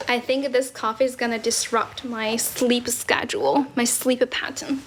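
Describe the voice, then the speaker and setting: A young woman from China chats casually on a livestream, switching between English and Chinese. Her voice sits a little high. She laughs often and keeps thanking viewers for their gifts. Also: little pitch movement, unhurried, a little hiss or hum. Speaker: livestream host. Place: indoors, squatting while streaming.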